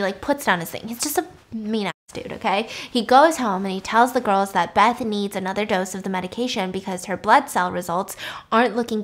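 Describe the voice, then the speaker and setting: A young woman casually retelling a movie's plot, chatty and acting out the characters' lines in quick put-on voices. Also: medium pitch. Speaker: movie recap host. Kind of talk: casual movie recap storytelling.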